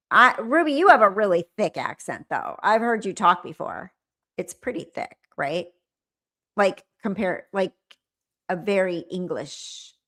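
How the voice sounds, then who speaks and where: A woman's voice: mid-range voice, fairly bright tone. A middle-aged woman from California, chatting casually and rambling as host of a live stream, with frequent laughs. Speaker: livestream host.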